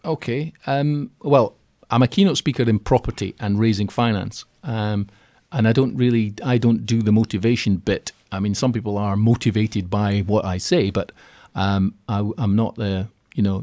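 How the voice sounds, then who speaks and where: A man talking as a guest in a radio interview, chatty and animated, acting out little quotes as he goes. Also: fairly low pitch, normal speed, no room sound, clean studio sound. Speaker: radio guest, keynote speaker on property finance. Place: radio studio.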